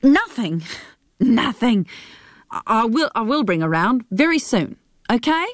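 Woman reader as stammering evasive son, lively delivery, radio storybook. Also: fairly high pitch, a little slow, no room sound, studio quality, pitched above the performer's own voice. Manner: stammering, hesitant. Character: evasive, flustered young adult son. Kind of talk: radio reading of a novel.

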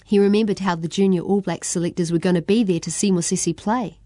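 A woman narrating a children's storybook with an even, clear reading. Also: lowish voice, quick pace, no echo, clean studio sound. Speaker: audiobook narrator.

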